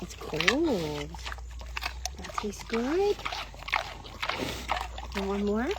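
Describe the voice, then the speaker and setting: A woman's voice: medium pitch, big pitch swings, extremely slow. A woman hosting a casual vlog walkthrough at an animal refuge, cooing at the animals in baby talk. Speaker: animal refuge caretaker and host. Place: outdoors at a rural animal refuge. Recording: outdoor noise with animals.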